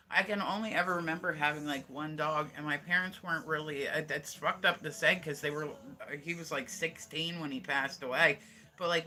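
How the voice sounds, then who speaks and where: A man streaming live, talking in a loose, rambling way and swearing freely as he chats with viewers. His voice sits a bit high and has a very bright, tense edge. He fills nearly every sentence with "like". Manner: rambling, profane, heavy use of "like". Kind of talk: casual livestream chat.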